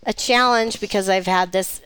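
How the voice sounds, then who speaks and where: Hoarse chatty woman co-host. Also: medium pitch, steady tone, normal speed, fairly bright tone, dry recording, low-quality recording. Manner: chatty, laughs often. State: hoarse from a lingering cold. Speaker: podcast co-host. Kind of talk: casual chat.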